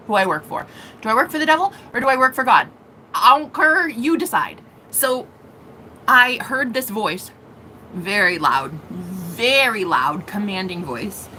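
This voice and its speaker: Animated, profane young woman telling a story. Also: mid-range voice, unhurried, a little hiss or hum, low-quality recording. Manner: animated, profane, laughing often. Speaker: vlogger. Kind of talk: casual storytelling to camera.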